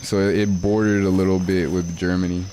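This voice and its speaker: A man's voice: sits low, flat delivery, a little fast, warm tone. A young man, chatting casually and rambling in slang while livestreaming a game. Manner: slangy, rambling, laid-back. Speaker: streamer.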